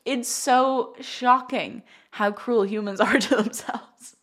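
A woman's voice: on the high side, fairly even intonation, slow, hardly any pauses. A young woman, a spiritual coach talking casually on a live stream in an effusive, chatty way, full of fillers. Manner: chatty and effusive, heavy use of "like", frequent laughter. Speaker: spiritual coach and card reader.

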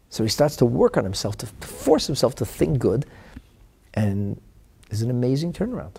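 Husky-voiced man teaching a religious lesson. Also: on the low side, big pitch swings, normal speed, pauses often. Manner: emphatic, swings from loud declaiming to hushed whispers; asks rhetorical questions. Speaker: Torah teacher.

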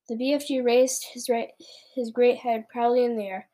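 A woman reading a children's book aloud, moving briskly and now and then stumbling over a word. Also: a little high, warm tone. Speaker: storyteller.

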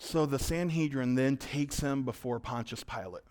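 A male pastor preaching a sermon, animated, acting out voices and swinging between loud and quiet. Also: medium pitch, normal speed, clean tone.

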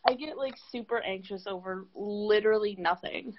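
A woman's voice: medium pitch, moderate pace, noisy background. A young woman co-hosting a podcast in casual chat, rambling and swearing freely, sounding tired. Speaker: podcast co-host. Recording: dull lo-fi sound.

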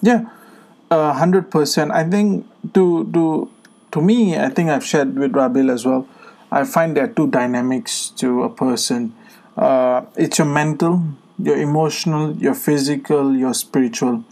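A man's voice: medium pitch, measured pace, darkish tone. A man co-hosting a podcast in casual chat, speaking earnestly with many fillers and restarts. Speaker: podcast co-host.

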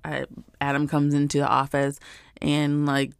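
A woman's voice: low voice, completely flat delivery, a little slow, gravelly, smooth, dry recording, studio quality. Rambling woman chatting with viewers. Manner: rambling, filler-heavy, lots of "like" and "you guys". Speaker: mother sharing business contacts with viewers. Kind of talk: casual chat to camera.

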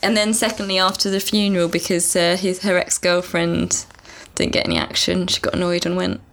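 A woman's voice: lowish voice, lively intonation, brisk, a bit bright. A woman co-hosting a podcast, casually recapping a story chapter between giggles. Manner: giggly, chatty. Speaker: podcast co-host.

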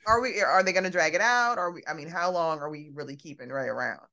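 A woman's voice: fairly low pitch, fast, sharp tone. A woman guest chatting casually about wrestling in a wry, teasing way. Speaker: podcast guest.

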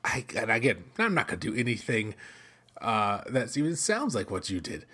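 A man's voice: lowish voice, very animated, moderate pace, pushed and bright, slightly rough. A middle-aged American man hosting a casual solo podcast, rambling conversationally with lots of fillers and restarts. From United States. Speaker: podcast host.

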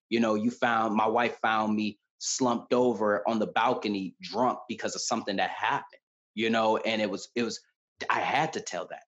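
A man's voice: fairly low pitch, a bit bright, highs cut off. A man in his thirties telling personal stories with earnest emotion in a candid conversation. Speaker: podcast guest.

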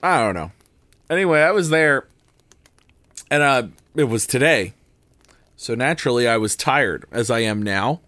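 A tired man co-hosting a comedy podcast, rambling through a story, his voice jumping up and down in pitch and loudness. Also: lively intonation, normal speed, long pauses, no echo. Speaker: podcast co-host.

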